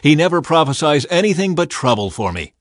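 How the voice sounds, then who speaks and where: A man's voice: mid-range voice, moderate pace, no room sound, lightly acted. Man reading a commanding ancient king, dry and close. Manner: sharp, commanding. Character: angry scheming ancient male king.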